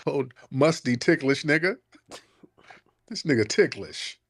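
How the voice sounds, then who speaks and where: A man's voice: on the high side, expressive, unhurried, fairly bright tone, breathy edge, no echo, clean studio sound. A man hosting a live call-in show, brash and profane, teasing callers with laughter. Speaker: show host.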